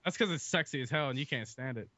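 Brash Southern man with a bright voice. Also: medium pitch, animated, fast talker, no echo. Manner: brash, crude joking. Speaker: podcast guest. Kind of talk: casual chat. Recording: dull lo-fi remote call.

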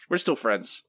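A man's voice: pushed and bright, no room sound. Chatty male podcast co-host, dry sound. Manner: chatty, laughing. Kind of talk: casual chat.

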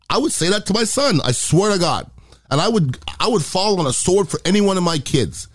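A man's voice: high voice, animated, fairly quick, breathy edge, dry recording, studio quality. A middle-aged man hosting a podcast, giving a blunt, impassioned opinion monologue. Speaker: podcast host.

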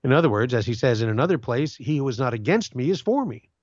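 A man's voice: mid-range voice, expressive, fast talker, a little mellow, dry recording, highs cut off. Earnest man reading and explaining scripture. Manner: earnest, with fillers and restarts in commentary. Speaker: Catholic commentator.

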